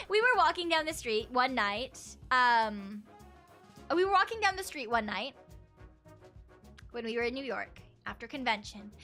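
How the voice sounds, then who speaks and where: A woman's voice: high-pitched, bright, forceful tone. A woman streamer telling stories in casual chat, rambling and often laughing.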